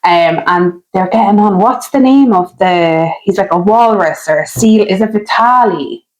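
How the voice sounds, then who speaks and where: A young woman co-hosting a podcast in casual chat, chatty and giggly. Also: medium pitch. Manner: chatty, giggly, talks in quick bursts. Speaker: podcast co-host.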